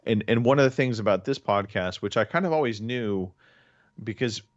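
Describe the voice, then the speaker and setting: A fairly low-pitched man hosts a relaxed podcast, rambling through his points and restarting his sentences often. The sound is dry and slightly dull, like a modest home mic. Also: moderate pace, dry recording. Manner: rambling, many restarts and fillers. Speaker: podcast host. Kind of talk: casual podcast chat.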